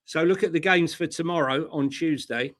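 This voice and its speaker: A man's voice: fairly high pitch, moderate pace, a bit bright. A man co-hosting a casual football chat show, emphatic and teasing, full of banter. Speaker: co-host.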